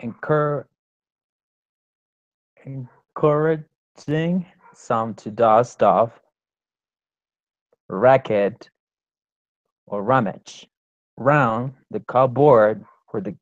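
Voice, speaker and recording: A man student reads a text aloud extremely slowly, stumbling over and restarting words. His mid-pitched voice comes through a dull, dry lo-fi recording. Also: no echo. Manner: very slow, stumbling reading aloud.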